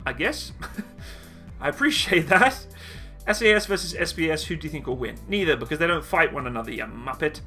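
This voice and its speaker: A man hosting a live-stream Q&A, reading viewer questions aloud and answering with easy, self-mocking banter. His voice sits a little high and has a bright, forceful edge. Faint music plays behind him. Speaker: military video channel host.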